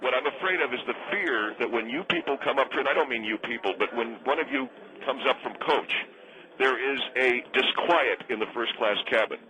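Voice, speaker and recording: A man plays a pompous, bigoted middle-aged snob who rattles on fast in a bright, pushy voice. He is smug and bullying on a radio comedy bit. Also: medium pitch, natural voice, poor audio.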